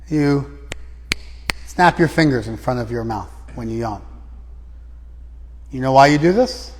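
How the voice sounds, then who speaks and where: A man's voice: on the high side, animated, measured pace, pauses often, in a large hall. A man leading a scripture class, probing his students with repeated questions. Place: class room, some students joining by phone.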